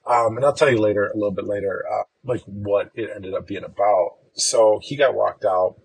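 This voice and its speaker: A man's voice: fairly low pitch, steady tone, normal speed, vocal fry, slightly rough, rough recording. A man from Chicago, a podcast guest, telling a personal story in an easygoing, rambling way.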